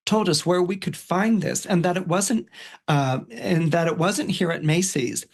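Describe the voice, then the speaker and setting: A man voicing a harried, exasperated working mother from a film scene he is retelling, talking in long gushing run-ons. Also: high-pitched.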